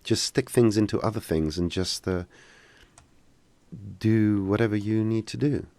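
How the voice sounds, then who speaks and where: Give me a man with a deep voice and a dry close sound, casually fielding questions in a live tutorial stream. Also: unhurried, a little mellow, no room sound. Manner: casual, joking, hesitant with many fillers. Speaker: software instructor.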